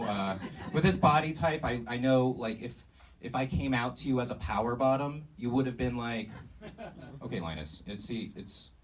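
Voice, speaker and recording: A young man doing self-deprecating stand-up comedy on a live stage, halting with lots of fillers. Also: medium pitch. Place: live stage at an arts center. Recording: far-off mic in a hall, faint noise.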